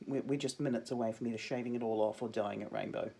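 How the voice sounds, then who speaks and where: Chatty New drama teacher, a young woman with a mellow tone, talking students through their work. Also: very deep voice, fairly even intonation, fast. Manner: chatty, jokey asides. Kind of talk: casual video lesson to students.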